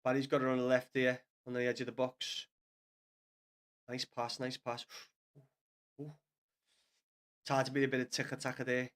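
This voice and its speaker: A man's voice: mid-range voice, monotone, normal speed, pauses often, a bit bright. A man with a Scouse accent giving sweary, frustrated live commentary to viewers as he watches a football match from a small home studio. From Liverpool, England.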